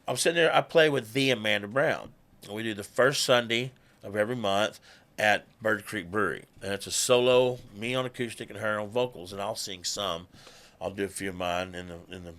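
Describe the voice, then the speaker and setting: Musician guy ranting about gigs, bright pushy voice, swears a lot, acts out what people said. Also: mid-range voice, gravelly. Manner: animated, swears freely, acts out quoted people. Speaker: musician guest. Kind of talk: casual conversational storytelling.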